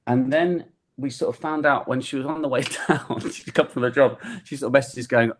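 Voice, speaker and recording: A man's voice: medium pitch, a little hiss or hum. Good-humoured man telling anecdotes. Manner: anecdotal, laughing easily, quick asides. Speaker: guest filmmaker and actor. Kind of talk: casual interview chat. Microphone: video call.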